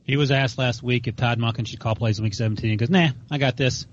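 A man's voice: medium pitch, steady tone, fast, a little hiss or hum. A man hosting a casual sports podcast, emphatic and opinionated. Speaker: podcast host. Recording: lo-fi remote audio.

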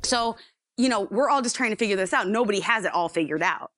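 Animated woman psychologist explaining. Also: mid-range voice, quick pace, dry recording, clean studio sound. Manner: animated storyteller, acts out inner voices. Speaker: psychologist guest. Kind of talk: casual explanatory chat.

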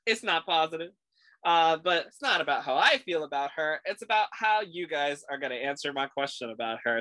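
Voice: medium pitch, sharp tone, dry recording. A podcast host in casual chat, laughing often while loosely summing up a news story for the group.

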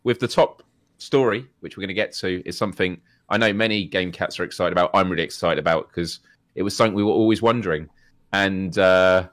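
Easygoing British co-host, low voice. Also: male voice, fairly quick, a bit bright, dry recording, studio quality. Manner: friendly, easygoing, chatty. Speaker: podcast co-host. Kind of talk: casual live gaming podcast chat.

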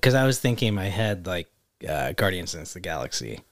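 A man's voice: low-pitched, sing-song, a little fast. A man co-hosting a podcast, guessing along in an easygoing, casual chat. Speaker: podcast co-host.

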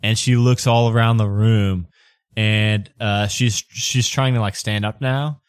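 A man's voice: on the low side, steady tone, measured pace, clear, resonant tone, no echo, clean studio sound. A man narrating a tabletop game as game master, hesitant and full of fillers.

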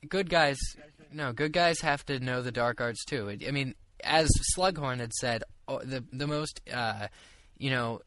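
A man's voice: medium pitch, measured pace, few pauses, a bit bright, no echo. A young man co-hosting a casual group podcast chat, rambling with lots of fillers and restarts. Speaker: podcast co-host.

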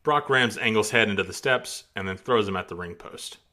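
A man's voice: on the low side, fairly quick, sharp tone. A man on a casual podcast reading a match recap play by play, often breaking into laughs.

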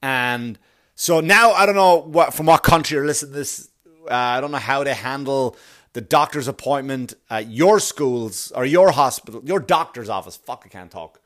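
A man's voice: mid-range voice, expressive, moderate pace, a bit bright. A man, a father, hosting a podcast and ranting alone in a sarcastic, exasperated way, swearing constantly. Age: adult father. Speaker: podcast host. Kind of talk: profane ranting monologue.

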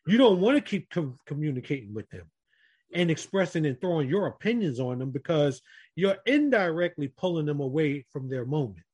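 Here is a man sharing a story on a relaxed group podcast, his voice sitting a little high for a man. He talks earnestly and keeps turning to address the others in the room. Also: a little fast, breathy edge. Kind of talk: casual group podcast chat.

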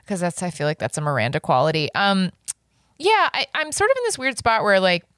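A young stand-up comedian chats casually on a podcast over a video call. She is quick with an enthusiastic reaction and easy when she tells her own story. Her voice sits at a middle pitch, and the sound is dry and close. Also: sing-song, a bit bright, no echo. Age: young adult. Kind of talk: casual chat.

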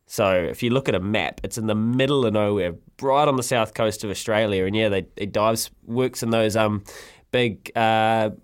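A man with a New Zealand accent hosting a radio show, telling stories in a casual, animated way and acting out quotes. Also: lowish voice, moderate pace, smooth. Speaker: radio host. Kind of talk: casual chat.

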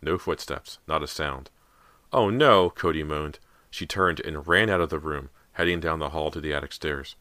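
Deep, lively male narrator for spooky audiobook, close and dry. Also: moderate pace, no room sound. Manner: dramatic, expressive reading. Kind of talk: scripted narration.

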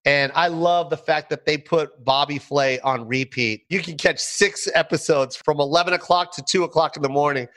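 A middle-aged man, a guest on an interview show, telling stories in an animated way with playful mock outrage. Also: fairly high pitch, moderate pace, hardly any pauses. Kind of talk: casual interview chat.

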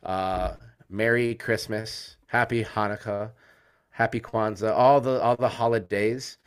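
A man's voice: lowish voice, steady tone, unhurried, smooth. A man hosting a college sports fan podcast, signing off in a loose, joking way with lots of fillers and cursing. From United States. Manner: rambling, joking, swears freely, many fillers. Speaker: podcast host.

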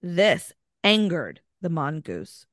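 A woman co-hosting a podcast, telling a strange story in a casual, animated way with lots of fillers. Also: fairly low pitch, slow pace, dry recording, clean studio sound. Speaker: podcast co-host.

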